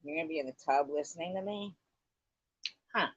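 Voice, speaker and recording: A woman's voice: deep voice, fairly quick, breathy edge, dry recording. A woman hosting a casual livestream chat, rambling and offhand, swearing freely, on dull lo-fi audio. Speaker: livestream host.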